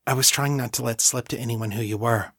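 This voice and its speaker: A man voicing a friendly, guilt-ridden young woman with psychic powers, speaking softly and earnestly. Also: medium pitch, steady tone, fairly quick, slightly rough, no room sound, studio quality. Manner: soft, earnest.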